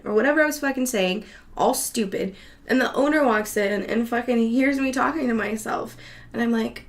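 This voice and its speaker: A woman's voice: a little high, a little fast. A woman hosting her own show, talking casually at home, laughing often and swearing freely. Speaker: show host. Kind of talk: casual monologue chat.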